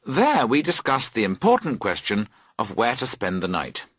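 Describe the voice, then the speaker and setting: A man reading a classic story aloud for language learners, slow, clear and very expressive. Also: medium pitch, no echo, studio quality. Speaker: audiobook reader. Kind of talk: scripted storybook narration for learners.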